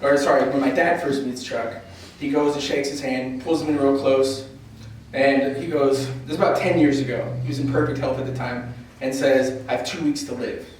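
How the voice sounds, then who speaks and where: Man eulogizing his wife's grandfather with comic anecdotes, distant mic, reverberant room, clear noise behind. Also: mid-range voice, steady tone, normal speed, darkish tone. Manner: laughing anecdotal storytelling. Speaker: eulogy speaker, grandson-in-law. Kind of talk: memorial eulogy. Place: memorial service hall. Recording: echoey hall from far off, noisy.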